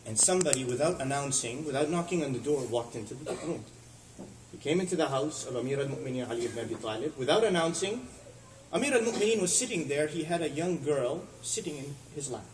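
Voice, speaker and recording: A man preaches to a gathering, telling a story and acting out its speakers as his voice lifts and drops. His voice sits fairly high. It is heard from a distance in a roomy, echoing hall with faint noise behind. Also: animated, quick pace. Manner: storytelling lecture, acting out quoted speakers with rising and falling pitch. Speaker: speaker at a religious center. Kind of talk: sermon. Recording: echoey hall, voice from far off.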